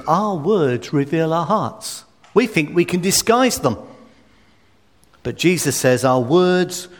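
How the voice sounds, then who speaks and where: A man preaching a sermon, emphatic and full of rhetorical questions. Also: on the high side. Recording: reverberant hall.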